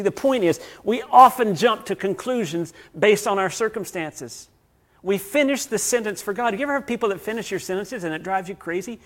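A man preaching a sermon as pastor. He tells stories, swinging between loud passages and hushed ones. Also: high voice.

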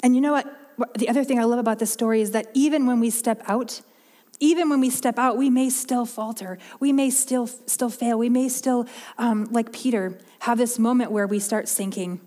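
A woman's voice: fairly high pitch, fairly even intonation, moderate pace, mellow, long reverb tail. A woman preaching a sermon in an earnest, heartfelt way, often restarting and repeating her words.

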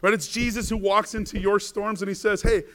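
High-voiced male pastor preaching a sermon. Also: little pitch movement, fairly quick. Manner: rhetorical questions, frequent "right?", stammered repeats; swings between soft, hushed passages and louder bursts.

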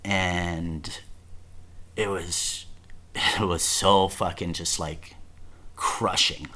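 A man with a very low voice tells his own story in a loose, confessional way. He swears freely, restarts his sentences and keeps dropping "dude" and "man". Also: fairly even intonation, drawn-out words, sharp tone. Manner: profane, rambling, repeats words and says "dude" often. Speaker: guest telling his life story.

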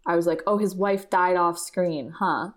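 A woman's voice: lowish voice, normal speed. A woman co-hosting a casual movie podcast, chatty, laughing often and acting out her own reactions. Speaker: podcast co-host.

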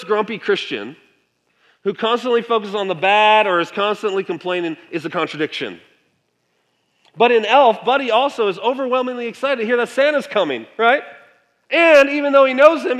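A man delivers a sermon with a conversational touch, often asking his listeners questions. His voice sits high. The sound rings with the long reverb of a large hall. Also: fairly bright tone. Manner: conversational, asks the congregation frequent questions. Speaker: pastor.

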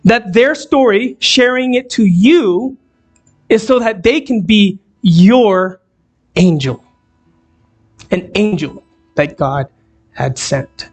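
Man, preacher, sermon, high voice, unhurried, asks the congregation questions. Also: expressive, husky, soft background music. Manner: conversational, asks the audience questions. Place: church hall, also streamed on a video call.

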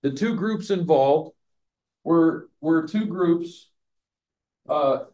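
This man's fairly high, mellow voice draws out its words as he teaches a Bible passage line by line. He's a pastor running a Bible study, conversational, tossing questions to the group and chuckling at his own humor.

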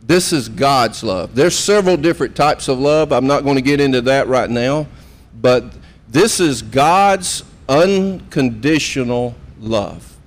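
A man's voice: medium pitch, expressive, a little slow, long reverb tail. A man in his fifties preaching a conversational sermon and putting questions to the room. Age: 50s. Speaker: pastor.

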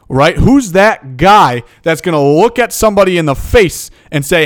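A man's voice: on the high side, expressive, moderate pace, few pauses. Fired-up man ranting on a podcast. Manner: fired up, emphatic, repeats "okay?". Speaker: podcast host and football coach. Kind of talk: motivational podcast rant.

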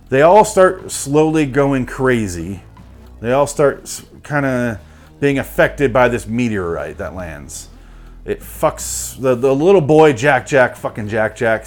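A man giving a crude, exasperated comedic rant about a movie, mocking it as he goes. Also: medium pitch. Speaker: movie reviewer.

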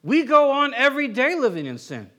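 A male pastor with a notably high voice preaches in a lively, conversational way. He throws in asides and asks his listeners questions. At times he drops to a quiet, earnest tone. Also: brisk. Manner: conversational, animated preaching with asides and acted quotes. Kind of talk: sermon.

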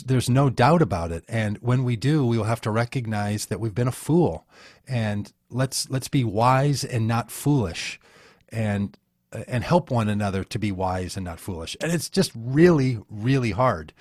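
A man's voice: medium pitch, animated, measured pace, a little mellow, dry recording, clean studio sound. A man, a pastor and interview guest, talking in a rambling, folksy, self-interrupting way. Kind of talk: casual conversation.

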